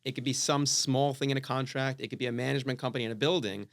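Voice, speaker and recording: Man, mid-pitched, steady talker who repeats his point. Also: fast, vocal fry. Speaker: guest real estate agent. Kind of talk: casual panel talk. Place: studio.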